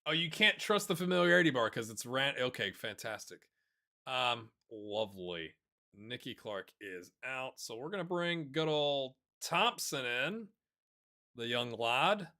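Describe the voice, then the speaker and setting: A man commentates a football management game for his viewers, chatty and quick to get excited. His voice rides up and down with lively swings, and it sounds bright and a little forceful throughout. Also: mid-range voice. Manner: excitable, chatty, talks to viewers and players as lads. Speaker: gaming YouTuber. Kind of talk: casual let's-play commentary.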